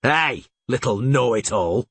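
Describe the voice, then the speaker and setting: A man's voice: mid-range voice, animated, slow pace, fairly bright tone, breathy edge, no room sound, full character voice. A man reading an audiobook and voicing a pockmarked fairground showman who blusters and wheedles at the crowd. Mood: irritated, mocking.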